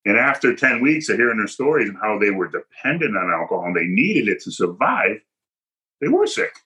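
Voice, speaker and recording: A man's voice: lowish voice, very animated, a little fast, bright, forceful tone, rough recording. A man guest in a podcast interview, telling a personal story in an emphatic, punchy way and acting out quoted dialogue.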